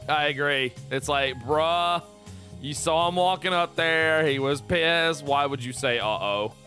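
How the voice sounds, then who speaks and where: A man streaming live, chatting casually, excitable, laughing often and repeating himself as he reacts. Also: on the high side, measured pace, faint music behind. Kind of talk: casual livestream chat.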